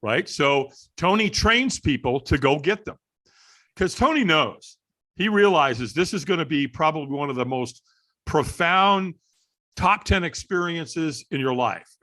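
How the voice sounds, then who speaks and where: A middle-aged man with a slightly high voice tells a story in a podcast interview. His pitch swings widely as he throws himself into the tale and acts out other people's lines. He comes across as an animated storyteller. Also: a little slow. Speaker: guest, firewalk instructor.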